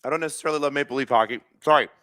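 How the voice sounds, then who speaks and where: A man's voice: mid-range voice, expressive, moderate pace, fairly bright tone, dry recording, studio quality. A man in his thirties hosting a live hockey watch stream, telling stories in a rambling way with lots of fillers and restarts. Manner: talks while snacking. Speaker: stream host. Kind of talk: casual live-stream chat.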